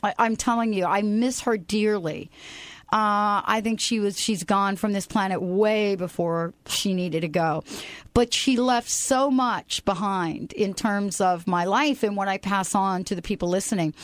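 A woman hosting an inspirational radio talk show, animated and playful, breaking into bits of song. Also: medium pitch, unhurried, no echo. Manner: animated, playful, sings snatches of songs.

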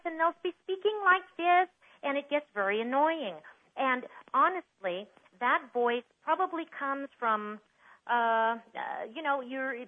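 Lady voice coach on a tinny phone line, explaining stuff with lots of ums. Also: a little high. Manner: warm explanatory, demonstrates voices. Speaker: voice coach guest. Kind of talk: interview over the phone.

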